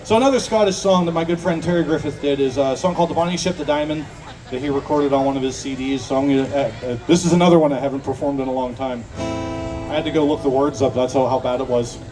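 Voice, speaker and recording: A man with a Pittsburgh accent, a folk singer telling a joke and chatting with a festival crowd between songs, self-deprecating and relaxed. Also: medium pitch, fast talker, distant mic, music in the background, rough recording. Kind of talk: live stage banter and joke telling. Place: outdoor festival stage.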